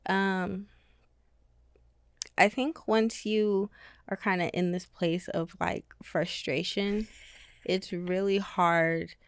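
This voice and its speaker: A soft-spoken young woman guest on a podcast, chatting in a thoughtful, measured way. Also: lowish voice, steady tone, no room sound, studio quality. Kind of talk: casual chat.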